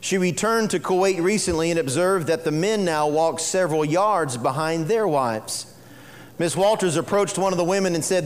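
A man's voice: fairly high pitch, normal speed, long reverb tail. A man preaching a sermon as pastor, mixing folksy jokes with earnest teaching, in a church sanctuary.

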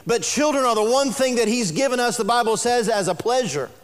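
A man preaching a sermon as a pastor, animated and rising toward near-shouting, laughing at his own stories, in a church sanctuary. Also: extremely high pitch, fairly quick. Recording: long reverb in a large hall.

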